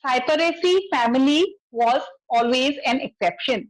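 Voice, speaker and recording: A woman's voice: high voice, normal speed, low-quality recording. A woman with an Assamese accent giving a biology lecture in class, mixing English and Assamese and often asking students to check their answers. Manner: asks students frequent check questions, mixes English and Assamese. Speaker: biology teacher.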